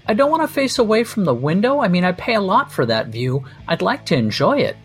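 A man's voice: high-pitched, sing-song, a little fast, faint music behind, voice pushed up. A man voicing a smug, courteous but entitled well-off male doctor in a story, in a raised voice.

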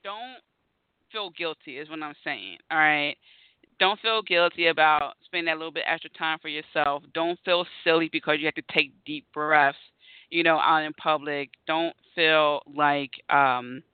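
Man, casual host chat, animated storytelling, smooth voice, dry tinny phone sound. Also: fairly high pitch, moderate pace, no room sound. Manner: animated storyteller, acts out his own reactions. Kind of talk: casual conversation.

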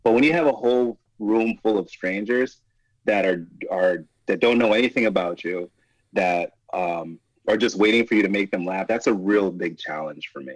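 A man who does stand-up comedy, speaking as a guest with an animated, emphatic storytelling manner and frequent laughter. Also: lowish voice, normal speed, no echo, low-quality recording. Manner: laughs often, breaks into laughter mid-story; emphatic, repeats "you know what I mean".

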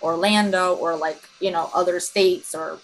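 A woman with a thick New York accent, rattling off her words quickly in loose, rambling chatter. Her voice sits a little low for a woman. She curses casually as she talks. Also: fairly even intonation, soft background music. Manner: fast, rambling, swears freely. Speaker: podcast guest. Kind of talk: casual chat.

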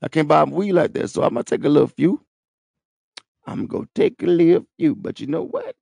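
A man's voice: fairly high pitch, very animated, brisk, vocal fry, dark tone, breathy edge, no room sound. A man hosting his own podcast, rambling in a profane, streetwise, boastful way. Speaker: podcast host. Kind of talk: rambling solo podcast talk. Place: at home, seated in a wheelchair.

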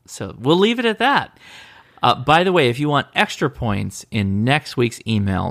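Podcast co-host, male, gravelly tone, easygoing chat that circles and backtracks. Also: medium pitch. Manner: rambling, self-correcting. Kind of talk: casual chat.

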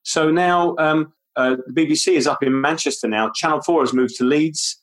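A man with a London accent, chatting casually as a guest, animated and rambling. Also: on the high side, moderate pace. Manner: animated, rambling, does impressions. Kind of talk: casual interview chat.

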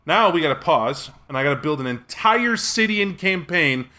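A man's voice: fairly high pitch, expressive, moderate pace, sharp tone. A man co-hosting a casual podcast as a game master, making emphatic, sarcastic rhetorical points. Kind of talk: casual chat.

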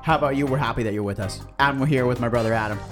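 Fast-talking joking young man host. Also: medium pitch, music in the background. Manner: quick, joking, playful swearing. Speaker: podcast co-host. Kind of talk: casual podcast banter. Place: small apartment studio.

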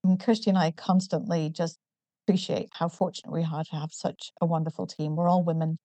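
A middle-aged woman from the northeast of England with a northern English accent softened by years in America, explaining things in a measured way with frequent ums as an interview guest. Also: sits low, fairly even intonation, no room sound. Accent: northern English, partly American. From Newcastle, northeast England. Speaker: guest, company founder. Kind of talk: casual interview.

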